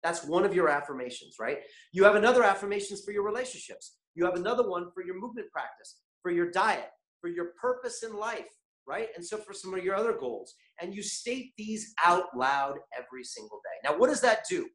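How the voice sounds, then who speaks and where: A man hosting a motivational online masterclass, energetic and constantly asking his viewers questions. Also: sits high, brisk, echoey room. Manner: animated, keeps asking the chat audience questions. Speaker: webinar host.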